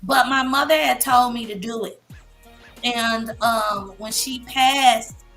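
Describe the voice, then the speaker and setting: A woman in her fifties sharing an emotional personal story as a guest on a live show, halting and full of fillers. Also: a little high, a bit bright, soft background music. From Massachusetts. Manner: halting, many fillers and restarts. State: emotional, near tears. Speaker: guest speaker, licensed therapist.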